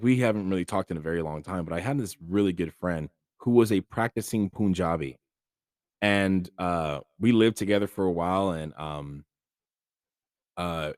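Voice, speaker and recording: A man's voice: low-pitched, darkish tone, no room sound, clean studio sound. A man hosting a podcast, talking earnestly and casually with frequent fillers. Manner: earnest, conversational, many fillers. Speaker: podcast host. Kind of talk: casual monologue on faith.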